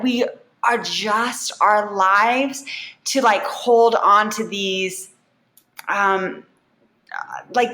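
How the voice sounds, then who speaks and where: A woman in her thirties, a yoga instructor, talking candidly and warmly as a podcast guest, with lots of "like". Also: on the high side, echoey room. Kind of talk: casual podcast interview.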